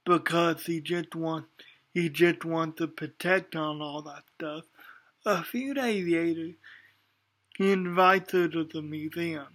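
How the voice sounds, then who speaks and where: A man's voice: fairly high pitch, steady tone, slow, a bit bright. A man giving a casual spoken anime review, hesitant, with many ums and restarts.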